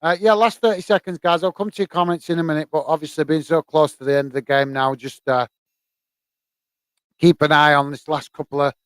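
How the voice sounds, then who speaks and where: A man's voice: fairly high pitch, fairly even intonation, a little fast, smooth, no echo. A man from the UK hosting a live football watch-along, tired and rambling with lots of fillers. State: tired, yawning.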